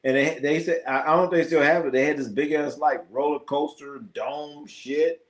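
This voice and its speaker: Hosting a live sports stream, a man chats casually and tells profane stories, laughing often and imitating the voices of the people he quotes. His voice is a little high and steady, at a normal speed.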